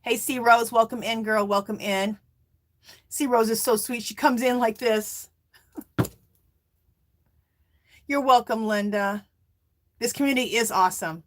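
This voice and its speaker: A woman's voice: fairly high pitch, unhurried, pauses often. Chatty woman hosting a live stream. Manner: chatty, reads viewer comments aloud; warm and emotional, near tears. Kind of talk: casual live stream chat.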